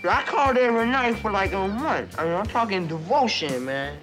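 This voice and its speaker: A drunk teen posing as a gruff bluesman. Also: high-pitched, expressive, brisk, fairly bright tone, soft background music. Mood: boastful. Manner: slurred swaggering drawl. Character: drunk teenage boy faking a gruff old bluesman.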